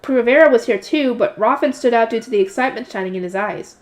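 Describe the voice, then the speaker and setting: A woman's voice: on the high side, quick pace. Woman casually reading a novel aloud. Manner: casual reading with self-corrections and commentary. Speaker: narrator and channel host.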